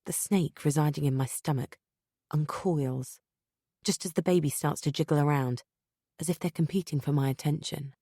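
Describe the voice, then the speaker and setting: Low-voiced woman reading a thriller. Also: fairly even intonation, normal speed, mellow, slightly rough, dry recording, studio quality. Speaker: audiobook narrator. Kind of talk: first-person thriller narration.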